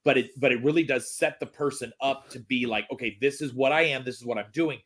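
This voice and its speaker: A man's voice: medium pitch, fast, a bit bright. A man hosting a podcast, chatting casually, often agreeing and reading out listener questions. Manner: agreeable, frequent affirmations. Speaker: podcast host. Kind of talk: casual chat.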